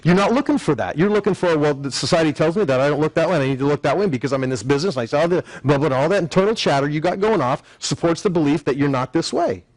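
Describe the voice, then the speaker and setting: Animated male sales trainer, dry sound. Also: fairly high pitch, racing, hardly any pauses, no echo, low-quality recording. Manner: animated, acts out phone lines in quoted voices. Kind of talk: live classroom seminar teaching.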